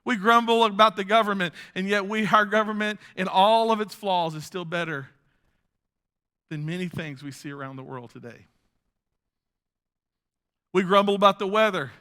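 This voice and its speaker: A male pastor preaching a sermon in an animated way, swinging from loud bursts down to hushed asides. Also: high-pitched, moderate pace, pauses often, smooth.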